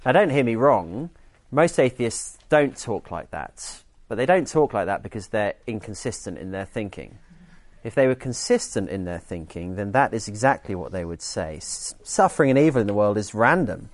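A man's voice: lowish voice, lively intonation, normal speed, no echo. A man preaching a sermon in an earnest teaching tone, often restarting his sentences. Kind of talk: sermon with group activity.

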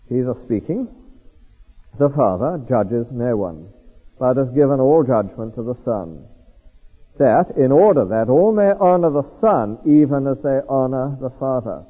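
A man delivers a sermon with lively, swooping pitch, throwing rhetorical questions at his listeners. His voice is a little husky and rings with the long reverb of a big hall. The sound is thin and tinny, like an old phone line. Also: moderate pace. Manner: animated, asks the audience rhetorical questions. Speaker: preacher. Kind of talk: expository sermon. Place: large hall before a congregation.

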